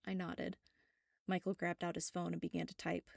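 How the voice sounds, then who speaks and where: Woman narrator, steady and wry, low gravelly voice, dry sound. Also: moderate pace, no room sound. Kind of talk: first-person narration of a web serial.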